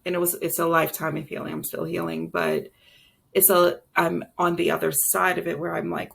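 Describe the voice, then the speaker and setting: A woman's voice: fairly low pitch, fairly quick, vocal fry, a bit bright, slightly rough. A woman in her late forties, a chef and entrepreneur, telling her life story candidly in a casual interview, with many fillers and restarts. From Brooklyn and South Carolina. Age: late 40s.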